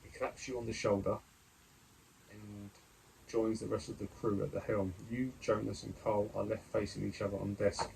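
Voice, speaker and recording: Guy reading his gamebook out loud, low gravelly voice, stops to chat about his dice rolls. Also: level tone, normal speed, a little hiss or hum, poor audio. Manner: reads narration, then comments on dice rolls and choices with fillers. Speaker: gamebook player and reader. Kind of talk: reading a gamebook aloud while playing.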